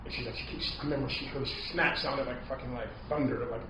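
A man's voice: mid-range voice, steady tone, quick pace, noisy background. A man telling a story in casual chat, rambling and packing his talk with repeated fillers. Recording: echoey, distant, dull lo-fi sound.

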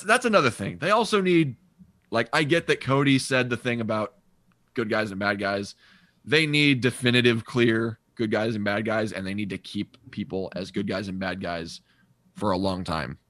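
Forceful, low-voiced opinionated man. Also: normal speed, no room sound, studio quality. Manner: opinionated, emphatic, stumbles and restarts. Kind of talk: casual chat.

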